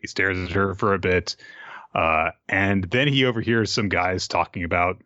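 A low-pitched man recaps manga chapters in a dry, mocking way. His lo-fi mic sounds dull and very dry, with no room sound. His delivery stays conversational. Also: normal speed, pushed and bright, no room sound. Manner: dry, summarizing plot, mocking voices in quotes. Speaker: podcast co-host. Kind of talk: casual chat reviewing manga.

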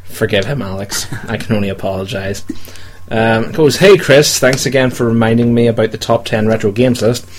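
A man's voice: mid-range voice, brisk, slight background noise. A man hosting a casual podcast chat, rambling and hesitant with many ums while reading a list. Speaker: podcast host.

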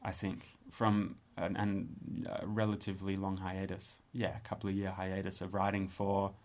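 A thirties-aged Australian man, a composer and musician, discusses his music during a laid-back interview in a studio. He speaks slightly low, weighing his words carefully, with hesitations and frequent restarts.

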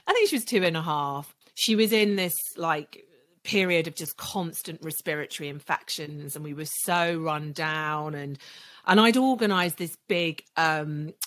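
Candid low-voiced woman in her forties. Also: a little slow. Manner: candid, reflective, voice dropping soft when recalling hard moments. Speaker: podcast guest, legal marketer. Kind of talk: candid personal storytelling in a podcast interview.

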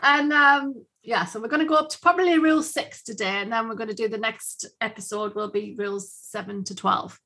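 A woman's voice: mid-range voice, brisk, vocal fry, hardly any pauses, fairly bright tone, breathy edge. A woman co-hosting a podcast in casual chat, talking in a chatty, giggly way with many fillers. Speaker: podcast co-host.

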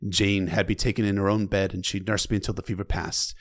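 A man voicing a young male king who speaks in a solemn, quiet, halting way, in a deadpan book recap. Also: low-pitched, dry recording, voice pushed down, close to an everyday voice. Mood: earnest.

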